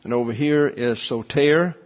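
A man teaching a lesson, explaining step by step in a measured way with frequent pauses and fillers. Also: mid-range voice, husky. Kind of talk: classroom lecture explaining Greek letters. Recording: slightly dull, lo-fi recording.

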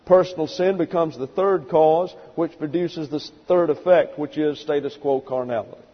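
Husky-voiced man teaching from the pulpit. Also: on the high side, normal speed, in a large hall, lo-fi sound. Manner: methodical, numbered points, dry asides. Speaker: pastor. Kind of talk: expository Bible teaching.

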